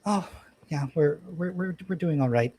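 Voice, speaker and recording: A flustered teenage badger girl in a tabletop game, speaking high and quick as she rounds up the little ones, played by a man running the game. The voice pitches up well above an everyday male register, fussing and apologetic. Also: mellow, breathy edge. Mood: reassuring. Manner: hurried, apologetic, raised pitch.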